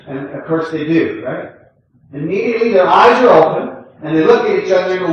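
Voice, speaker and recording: An older man preaching a sermon in a relaxed, conversational way, often checking in with the congregation and chuckling. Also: sits high, brisk, lo-fi sound. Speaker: pastor. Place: church sanctuary. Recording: echoey room, distant from the mic.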